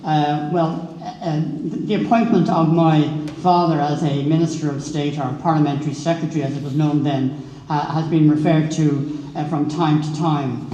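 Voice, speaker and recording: A middle-aged Irish man giving a formal speech at a book launch, pausing often with filler sounds. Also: fairly high pitch, fairly even intonation, mellow. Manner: hesitant, many filler sounds. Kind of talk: formal speech reading out quotes. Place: large echoey hall. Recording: echoey hall with long reverb.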